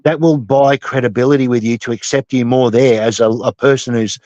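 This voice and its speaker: A man's voice: medium pitch, steady tone, a little mellow, no echo. Man on a dull, muffled line. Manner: agreeable, quick to chime in. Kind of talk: casual chat.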